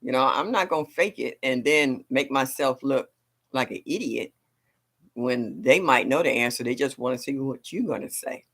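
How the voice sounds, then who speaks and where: A middle-aged woman hosting a gardening livestream talks straight to her viewers in a loose, chatty way. She is animated and laughs easily. Her voice comes across bright and forceful. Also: rumbling low, moderate pace. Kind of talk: casual livestream chat.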